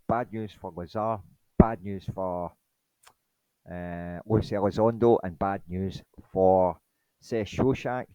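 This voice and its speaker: Low-voiced, indignant man. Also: dry recording, dull audio. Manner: indignant, rambling, dismissive. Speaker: presenter. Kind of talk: monologue presentation.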